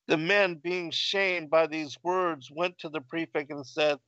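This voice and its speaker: A man giving a scripted narration of an ancient text in a plain, measured way. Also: on the high side, a bit bright, no echo, lo-fi sound. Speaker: reader of ancient texts.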